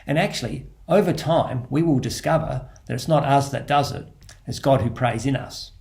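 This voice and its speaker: A man with an Australian accent, a priest giving a gentle spoken reflection on prayer, repeating key phrases and restarting as he thinks aloud. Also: medium pitch, moderate pace, creaky.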